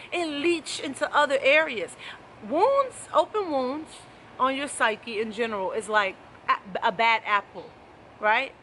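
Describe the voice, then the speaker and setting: A woman's voice: high-pitched, pushed and bright, a little hiss or hum. A woman life coach giving an emphatic, preachy motivational talk to camera, repeating her key phrases.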